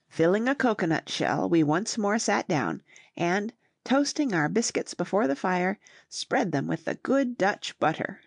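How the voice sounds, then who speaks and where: A woman narrates a classic novel as an audiobook, reading at a steady, even pace. Her voice has a gravelly edge. The sound is close and dry. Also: mid-range voice, no echo.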